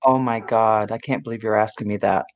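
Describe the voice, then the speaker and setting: A middle-aged woman from the Dallas area telling stories in a lively, chatty way, full of "you know.". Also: extremely low pitch, fairly quick. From Dallas area, Texas. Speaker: guest. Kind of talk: casual storytelling chat.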